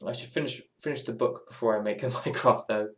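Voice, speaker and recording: A man chats his way through a relaxed game stream, musing aloud and circling back on his own points. His voice sits at an ordinary middle pitch. The sound carries a noticeable room echo. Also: fast, noisy background. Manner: rambling, musing, self-interrupting. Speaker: gaming streamer. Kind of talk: casual live-stream chat while playing.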